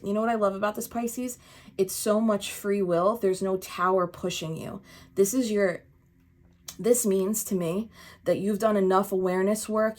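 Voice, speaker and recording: A woman reading tarot cards for her viewers, talking straight to them in an animated, emphatic way with the odd swear word. Her voice sits at an everyday middle pitch for a woman. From United States. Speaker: tarot reader. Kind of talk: casual spoken tarot reading.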